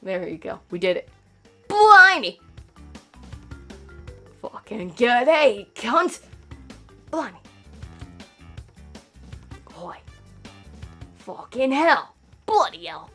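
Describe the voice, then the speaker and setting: A woman's voice: a little high, sing-song, extremely slow, pauses often, faint music behind, full character voice. Woman doing a rowdy mock-Australian bloke. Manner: shouty, exaggerated slang. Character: crude rowdy Australian bloke, loud and profane.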